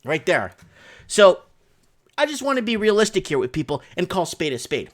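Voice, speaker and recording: A man hosting a casual livestream from a home studio, talking through chat messages in an excitable, rambling way. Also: high voice, normal speed. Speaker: livestream host.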